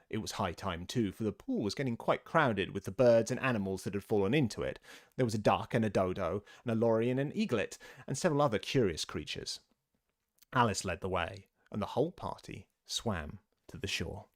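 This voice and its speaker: A man reading a children's classic aloud in an expressive storybook narration. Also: lowish voice, normal speed, vocal fry. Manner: animated, lively reading voice.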